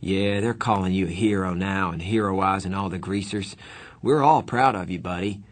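A man's voice: low voice, normal speed. A man voicing a tough teenage gang boy whose voice shakes with strain. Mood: overeager. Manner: urgent, strained and shaky. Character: tough teenage male gang kid, desperate.

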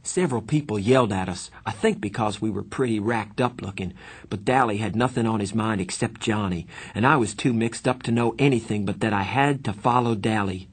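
A man reading a first-person novel aloud in steady, earnest audiobook narration. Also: lowish voice, brisk, slightly rough.

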